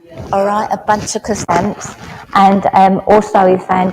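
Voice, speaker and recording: A woman working as a medium at a service, relaying spirit messages in a halting way full of ums, in a village hall. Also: fairly low pitch, level tone, creaky. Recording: echoey hall, faint background noise.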